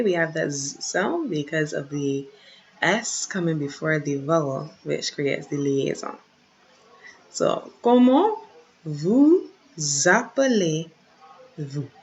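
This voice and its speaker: A woman teaching a French lesson online, carefully pronouncing each phrase slowly for her students. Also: sits low, husky, lo-fi sound.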